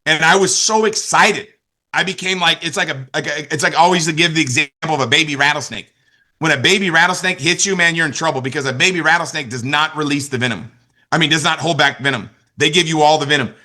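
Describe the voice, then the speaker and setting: A man's voice: a little high, fast talker, sharp tone. A man in his forties giving a motivational business training talk, emphatic and repetitive, often checking in with his listeners. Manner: emphatic, repeats key lines, asks "you understand?". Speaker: network marketing trainer.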